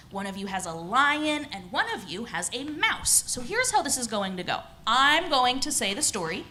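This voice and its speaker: A woman leading children's story time in a church service, gentle, encouraging and animated as she guides the kids. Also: on the high side, slight background noise, poor audio. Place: church sanctuary.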